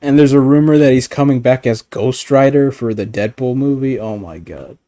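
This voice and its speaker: A man chatting casually and swearing freely. He stammers through restarts and laughs easily, and his voice is warm and mellow. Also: mid-range voice, fairly even intonation, moderate pace. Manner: rambling, stammering, profane, laughing. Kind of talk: casual chat.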